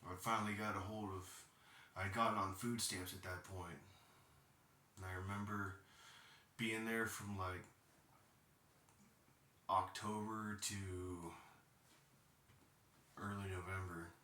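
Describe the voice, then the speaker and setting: A very low-pitched man in his thirties tells his own story in a blunt, profane way, heated at times. His voice has a bright, forceful edge. He sits some way from the mic in an echoey room. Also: little pitch movement, takes it slowly, pauses often. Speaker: podcast host. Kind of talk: personal storytelling monologue. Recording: roomy sound, distant from mic.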